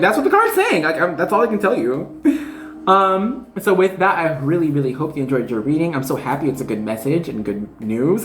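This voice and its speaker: Brief: upbeat tarot reader, chatty and slangy, very animated pitch, roomy echo with faint music under it. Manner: chatty, excitable, slangy, quotes scripture. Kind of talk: casual tarot reading to camera. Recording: echoey room with faint music.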